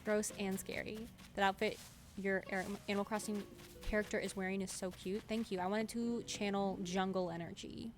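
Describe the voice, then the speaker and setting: A woman's voice: medium pitch, fairly even intonation, moderate pace. A young woman chatting casually on a gaming stream, giggly and reading chat aloud. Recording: game music clearly heard behind. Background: game music.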